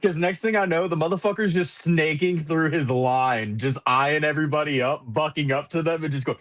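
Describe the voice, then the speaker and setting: A man in a casual chat, telling a story in a lively, profane way and laughing often. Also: fairly high pitch, fairly quick, no echo.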